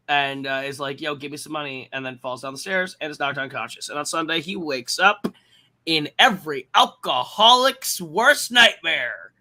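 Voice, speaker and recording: A man's voice: on the high side, bright, forceful tone. A man hosting a podcast, recapping a film in a casual, rambling and profane way, with lots of ums and uhs. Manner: rambling and profane, heavy fillers. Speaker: podcast host.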